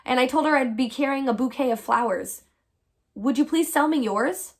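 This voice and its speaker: A woman's voice: high-pitched, moderate pace, voice pushed up. A woman reading aloud, voicing a nervous, eager man on a first date, polite and pleading.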